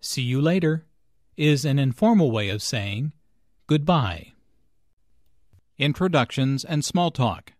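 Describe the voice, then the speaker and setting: A man reading English lesson notes in a careful, clearly enunciated scripted narration. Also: medium pitch, lively intonation, slow pace, pauses often, dry recording, clean studio sound. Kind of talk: slow scripted teaching narration.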